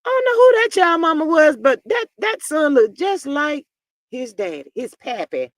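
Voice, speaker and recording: A livestream host chatting casually and sassily about celebrity gossip, reading out viewer comments and peppering the talk with "child" and drawn-out "mm, mm". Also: sits high, very animated, dry recording, clean studio sound. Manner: chatty, sassy, reads viewer comments aloud.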